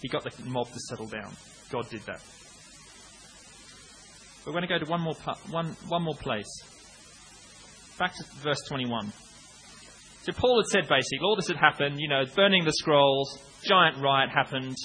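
A man in his late thirties preaching a conversational sermon, breaking into acted-out shouts now and then. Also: on the high side, expressive, normal speed, long pauses, slight background noise, rough recording. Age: 30s.

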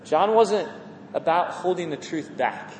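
A man preaching a sermon in a lively, animated way, often acting out quoted voices and repeating words as he builds a point. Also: a little high, measured pace, a little hiss or hum. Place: church hall. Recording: echoey hall with faint ambience.

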